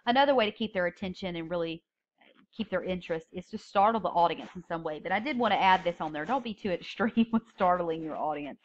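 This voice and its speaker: A woman's voice: on the low side, fast talker, muffled recording. A woman teaching a public speaking class, explaining step by step and stressing key words when she reads example openings. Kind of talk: recorded lecture.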